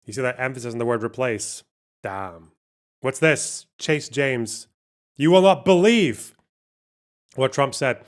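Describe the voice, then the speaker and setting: A man's voice: mid-range voice, measured pace, fairly bright tone. A man hosting a casual livestream, reading donations and reacting with sarcasm and swearing. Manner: sweary, sarcastic, laughs often. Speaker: livestream host.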